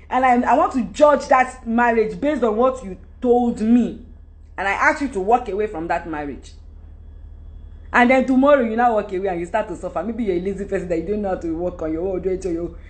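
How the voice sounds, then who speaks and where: A Nigerian woman in her forties holds forth on her own in a high voice. She talks with animated, emphatic energy. Her pitch swings widely as she jumps from one point to the next. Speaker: actress giving advice. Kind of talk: casual monologue to camera.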